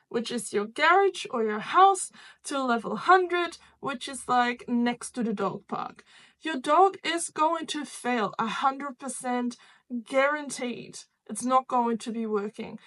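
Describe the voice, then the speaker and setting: A woman's voice: high voice, fairly bright tone. A woman dog trainer giving blunt advice to camera, swearing and firing rhetorical questions.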